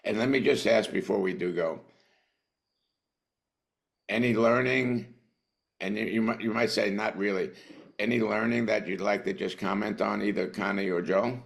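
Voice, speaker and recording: A man with a very low voice that has a gravelly edge. He teaches a small group in a relaxed, encouraging way, speaking over a video call. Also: normal speed, pauses often. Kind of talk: leading an online class.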